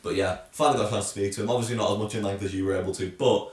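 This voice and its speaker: A man's voice: lowish voice, fairly even intonation, rapid-fire, darkish tone. A young man, co-hosting a casual football podcast, rambling with lots of ums. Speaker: podcast co-host. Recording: echoey room, distant mic.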